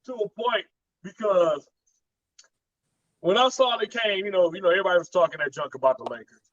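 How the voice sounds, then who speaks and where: A man hosting a casual, profane sports chat, mocking players with quick impressions and laughing a lot. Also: high voice, dry recording, muffled recording. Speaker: podcast host.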